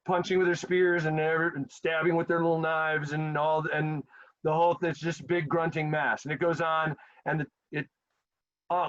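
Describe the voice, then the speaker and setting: A man teaching history, telling the story casually and acting out quotes with lively, animated delivery. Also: fairly high pitch. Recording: dull lo-fi sound.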